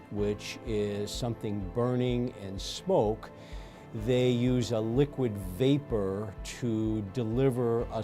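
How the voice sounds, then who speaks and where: A man speaking as a pulmonologist in an interview, giving measured explanations with frequent ums and uhs. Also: lowish voice, warm tone. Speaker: pulmonologist guest. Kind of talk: medical interview answers.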